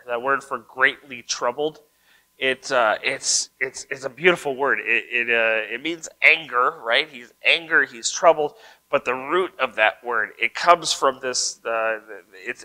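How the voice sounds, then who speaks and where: A man pastor preaching a sermon in a conversational way. He reads scripture aloud, comments on it, and often adds a quick "right?" to check in with listeners. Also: mid-range voice, bright, forceful tone, poor audio.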